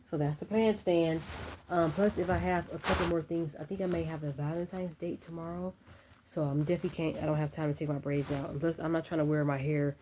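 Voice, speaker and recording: A woman's voice: low voice, fairly even intonation, brisk, background noise. A young woman chatting casually to her phone camera at home, rambling and talking straight to her viewers. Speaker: vlogger.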